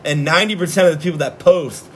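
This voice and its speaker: A man's voice: fairly high pitch, fast, slight background noise. A man co-hosting a casual sports podcast, loose and laughing, swearing freely. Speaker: podcast co-host.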